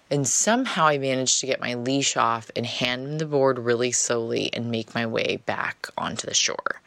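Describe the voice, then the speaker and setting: A woman's voice: rumbling low, moderate pace, few pauses, a bit bright, no echo. A woman telling a personal story in a casual, chatty monologue, often dropping "like" as filler.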